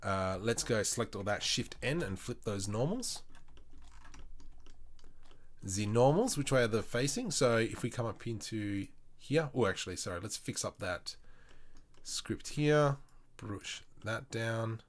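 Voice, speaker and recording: A man's voice: lowish voice, animated, measured pace. An Australian man talks his way through a live stream of his 3D work. He chats casually with viewers and mutters to himself as he clicks through his tools. Keyboard typing and mouse clicks run behind his voice. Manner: chatty, thinks aloud, mutters while working.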